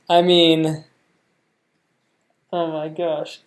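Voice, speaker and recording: A young American man reacting to a show, thinking out loud in a rambling way, full of fillers and restarts. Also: a little high, fairly even intonation, normal speed. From United States. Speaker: reaction video host. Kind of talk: casual reaction commentary.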